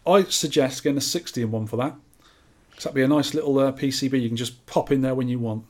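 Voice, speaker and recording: A man co-hosting a podcast in casual chat, quick and jokey banter. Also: mid-range voice, darkish tone. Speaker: podcast co-host.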